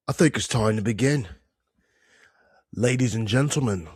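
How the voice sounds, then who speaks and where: A man's voice: lowish voice, animated, moderate pace, long pauses, darkish tone, breathy edge, dry recording, clean studio sound. A man hosting a podcast in casual chat, slangy and laid-back, swearing and laughing as he talks. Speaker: podcast host.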